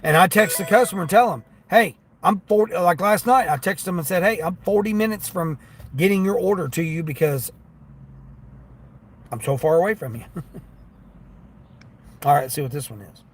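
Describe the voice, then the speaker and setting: A man's voice: high-pitched, normal speed, long pauses, slightly rough. Chatty man venting from his car. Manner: chatty, complaining, acts out customers' voices. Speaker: delivery driver livestreamer. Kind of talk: casual livestream chat while driving.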